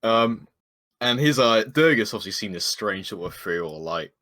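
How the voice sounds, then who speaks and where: Low-voiced man playing a tabletop game. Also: animated, normal speed, a bit bright, no echo. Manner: casual, swears, hesitant fillers. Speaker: player. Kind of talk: casual chat while playing a tabletop game.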